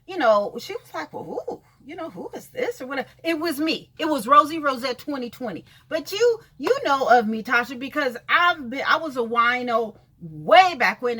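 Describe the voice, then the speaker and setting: A woman's voice: sits high, animated, moderate pace, a bit bright. A woman venting in a casual video rant, blunt and sassy, cursing freely and talking straight to people she calls out. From California. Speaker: vlogger.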